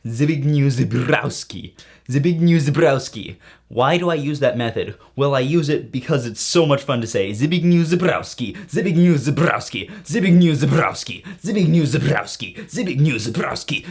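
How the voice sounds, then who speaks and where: A man answering viewer questions in a casual vlog, rambling with goofy jokey asides. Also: mid-range voice.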